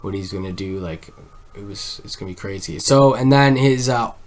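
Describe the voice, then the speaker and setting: A man's voice: fairly low pitch, moderate pace. A man casually recapping a film, rambling, swearing often and leaning on "like" as a filler. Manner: rambling, swears a lot, heavy use of "like". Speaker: film reviewer.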